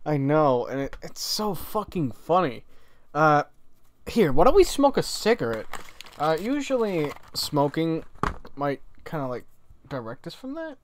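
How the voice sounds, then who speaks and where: A man's voice: a little high, big pitch swings, measured pace, a little hiss or hum. A young man chatting casually on a livestream, rambling and swearing with frequent laughter. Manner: rambling, profane, laughing often. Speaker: streamer.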